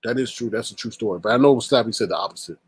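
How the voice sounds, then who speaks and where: A man's voice: mid-range voice, very fast, slightly rough. A man hosting a casual commentary show who narrates over clips and drives each point home by repeating it. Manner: emphatic, repeats his points. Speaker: commentary host.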